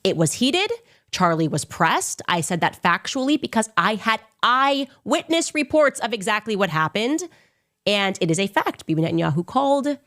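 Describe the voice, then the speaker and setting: A woman's voice: big pitch swings, normal speed, fairly bright tone. Sarcastic, combative woman host. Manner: sarcastic, mocking impressions in a high voice; combative, emphatic. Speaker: commentary show host. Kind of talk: opinionated commentary monologue.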